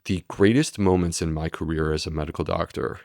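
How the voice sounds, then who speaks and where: A man's voice: deep voice, fairly even intonation, fairly quick, darkish tone, dry recording, studio quality. A man, a medical doctor, explaining steadily and earnestly in a podcast interview. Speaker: gastroenterologist guest.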